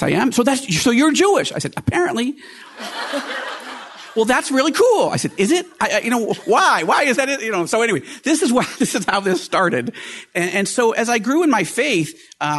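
A middle-aged man hosting a podcast, telling a personal story in a lively, animated way and acting out the quoted voices. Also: fast, a little hiss or hum. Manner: animated, acts out quoted voices with rising pitch. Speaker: podcast host.

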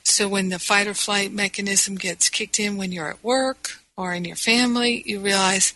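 Slow, bright-voiced woman teaching reflectively. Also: medium pitch, no room sound, rough recording. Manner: reflective, meandering, earnest. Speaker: spiritual teacher and podcast host.

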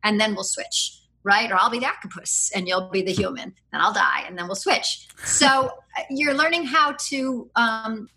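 A middle-aged woman, a podcast guest, chatting and explaining at length in a lively, rambling way, with laughs and restarts. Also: mid-range voice, moderate pace. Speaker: podcast guest, free-play advocate. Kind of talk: casual conversational explaining.

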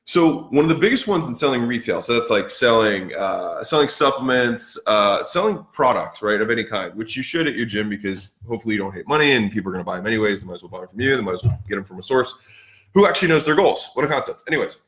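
A man's voice: on the low side, expressive, fast talker, a bit bright, echoey room. A man hosting a podcast, telling sales stories casually with many fillers and restarts and acting out both sides of past conversations. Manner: rambling, filler-heavy, acts out past dialogue. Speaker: podcast host. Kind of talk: casual business talk.

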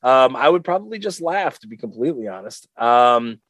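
A man's voice: mid-range voice, sing-song, fairly quick, fairly bright tone, no room sound. A man co-hosting a podcast, chatting casually in a rambling, laid-back way with lots of fillers. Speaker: podcast co-host. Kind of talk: casual chat.

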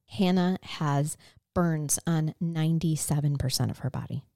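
A woman's voice: sits low, measured pace, warm tone, no room sound, studio quality. A woman co-hosting a podcast, recounting a true crime case in an earnest, conversational way. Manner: earnest, conversational, emotionally moved. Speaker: podcast co-host.

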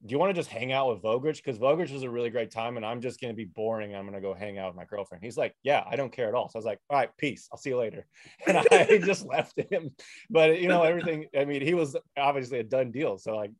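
Young male podcast host, casual storyteller, laid-back, average pitch. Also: quick pace, no echo, studio quality. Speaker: podcast host, former player. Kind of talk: casual chat.

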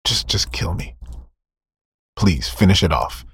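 A dying old king begs in a faint, breathy whisper, as a male preacher acts him out. His voice sinks low and weak, the words dragged out slowly. The sound is dry and close. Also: expressive, no echo, full character voice. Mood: desperate pleading. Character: dying old King Saul begging for death.

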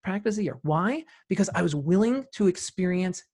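A man guest on a podcast, telling stories from running a practice with emphatic repetition and loud rising bursts. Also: sits high, animated, a little fast, breathy edge. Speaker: guest, practice owner and CEO. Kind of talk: podcast interview storytelling.

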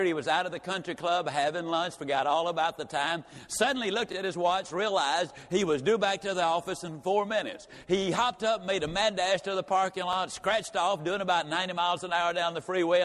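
A man's voice: on the high side, fairly bright tone. A man telling a story as a motivational talk, running on with dramatic build. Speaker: motivational speaker. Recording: long reverb of a large hall.

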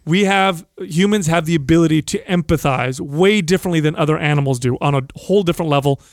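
A man's voice: a little high, quick pace, dry recording, studio quality. A man on a podcast speaking in a reassuring, encouraging and emphatic way to a friend. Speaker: podcast host. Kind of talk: candid podcast conversation.

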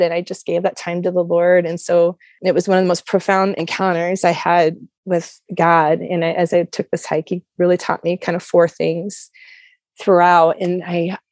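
A woman from Colorado, USA, appears as a guest sharing her faith testimony, earnest, open, and chatty, with plenty of "like" and "you know." Her voice is fairly low and darkish, captured in a dry, clean studio recording.

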